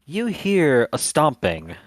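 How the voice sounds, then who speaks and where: A game master narrating a tabletop game scene in a theatrical way. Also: male voice, on the high side, huge pitch swings, takes it slowly, dry recording, clean studio sound.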